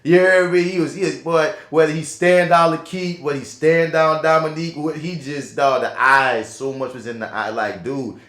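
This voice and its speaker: A man co-hosting a casual film review podcast, talking in an animated, slangy and profane way that swings between loud and soft. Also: fairly high pitch, normal speed, few pauses. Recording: echoey room.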